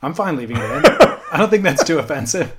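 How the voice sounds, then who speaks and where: A man co-hosting a casual podcast, reacting with quick interjections. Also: fairly high pitch, very animated, noisy background. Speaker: podcast co-host. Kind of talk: casual chat.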